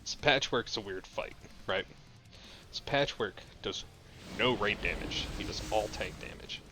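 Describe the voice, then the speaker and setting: A man's voice: fairly low pitch, unhurried, background noise. A man streaming a game live, explaining mechanics in a rambling, profanity-filled casual way at his desk mic. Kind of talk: casual live gameplay commentary.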